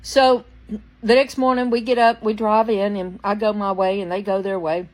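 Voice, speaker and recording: A woman's voice: mid-range voice, level tone, moderate pace, low-quality recording. A woman casually telling a personal story, rambling with restarts and fillers and now and then coughing from a tickle in her throat. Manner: quotes people in changed voices, dropping to a hush for soft lines. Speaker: storyteller vlogger.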